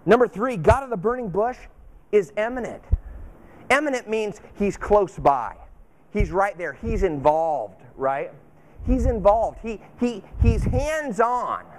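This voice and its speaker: A man with a notably high voice delivers a casual sermon from the pulpit. He talks informally, repeating short phrases to drive a point home. He keeps posing questions and then answering them himself. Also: animated, a little slow, darkish tone. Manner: asks and answers his own questions. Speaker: pastor. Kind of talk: conversational sermon.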